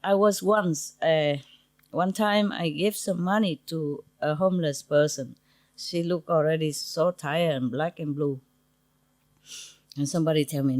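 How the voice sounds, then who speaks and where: A woman's voice: sits low, steady tone, measured pace, darkish tone, no echo. A woman spiritual teacher speaking informally to her disciples in simple non-native English, often breaking into laughter.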